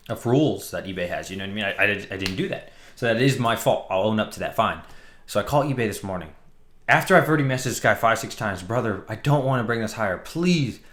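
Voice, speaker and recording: A man casually telling a story on his vlog, animated and exasperated, later calmer. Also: fairly low pitch, echoey room. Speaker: comic book vlogger.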